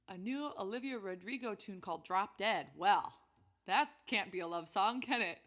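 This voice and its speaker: A woman's voice: medium pitch, moderate pace, a bit bright. A young woman hosting a weekly music stream, chatting casually and giggling as she thinks aloud between songs.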